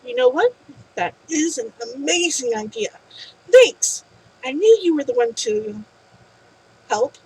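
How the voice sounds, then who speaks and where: A woman's voice: sits high, big pitch swings, a little slow, pauses often, a little mellow, slight background noise, rough recording. A woman voicing an earnest young man asking for advice about a gift. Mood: eager.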